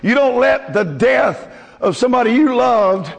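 A man's voice: extremely high pitch, animated, measured pace, vocal fry, in a large hall. A male pastor preaching a folksy, emotional sermon to his congregation.

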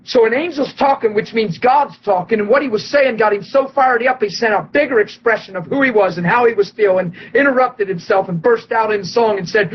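A man preaching and telling a story, animated and excitable, acting out quotes and laughing often. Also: high-pitched, a little fast, few pauses, dull audio, slight background noise. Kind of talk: sermon storytelling.

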